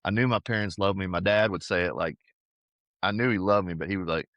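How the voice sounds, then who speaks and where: Deep-voiced man telling his story earnestly. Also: a little fast, a bit bright, no echo. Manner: earnest, conversational, says "dude" and "man" often. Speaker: podcast guest, powerlifter. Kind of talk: casual interview storytelling.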